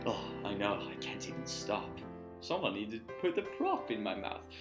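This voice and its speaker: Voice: mid-range voice, big pitch swings, normal speed. A young adult vlogger from Sweden, reciting a poem and then rambling in a playful, self-mocking way, recorded outdoors. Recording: echoey with faint guitar music.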